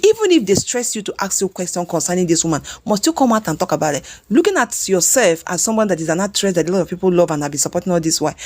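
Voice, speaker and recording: A Nigerian woman doing chatty celebrity gossip commentary, scolding and lively, slipping in and out of Pidgin. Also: medium pitch.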